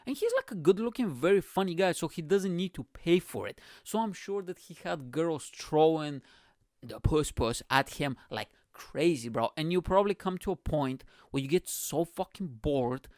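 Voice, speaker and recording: A young man hosting a comedy podcast, telling a story in an energetic, profane, rambling way. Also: a little high, normal speed, no room sound, clean studio sound. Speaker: podcast host. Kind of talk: casual comedic podcast monologue.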